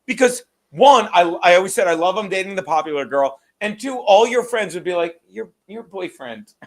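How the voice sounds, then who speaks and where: A man's voice: sits high, animated, fairly quick. A man co-hosting a podcast, talking in a crude, rambling, joking way. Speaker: podcast co-host. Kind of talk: casual podcast chat.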